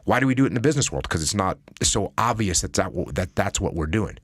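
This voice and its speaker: A man's voice: lowish voice, animated, fast talker, no room sound. A man guest on a podcast, talking emphatically and acting out example conversations. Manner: emphatic, acts out example dialogues. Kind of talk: casual conversation.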